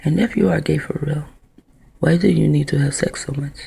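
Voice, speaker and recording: Woman, rambling vlog monologue, heavy vocal fry, dark mellow tone, profane. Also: deep voice, a little fast. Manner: profane, rambling, drifts between ideas. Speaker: vlogger.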